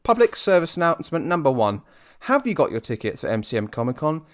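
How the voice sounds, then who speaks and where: A man's voice: on the high side, sing-song, quick pace. A young British man co-hosting a podcast in a jokey, upbeat, chatty way. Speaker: podcast co-host. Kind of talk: casual chat.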